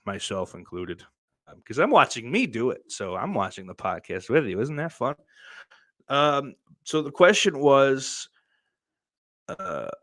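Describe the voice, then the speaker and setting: A young man hosting a podcast, telling a story in a rambling, casual way, swearing often, with lots of fillers and sudden loud bursts. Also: lowish voice, dry recording. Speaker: podcast host.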